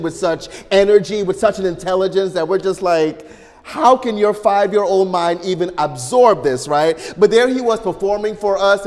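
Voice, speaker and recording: A man preaching a sermon, telling personal stories with animated delivery and building to emphatic exhortation. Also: on the high side, long reverb tail. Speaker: minister.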